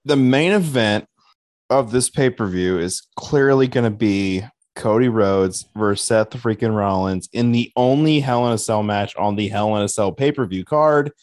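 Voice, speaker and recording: Profane, joking young male co-host, low-ish pitch, dry close mic. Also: normal speed, a little mellow, dry recording. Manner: profane, joking, laughs often. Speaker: podcast co-host. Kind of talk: casual chat.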